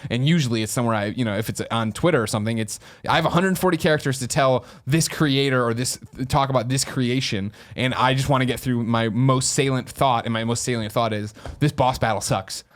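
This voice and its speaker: Man, podcast co-host, rapid speech, rambling, self-interrupting. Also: mid-range voice. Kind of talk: casual chat.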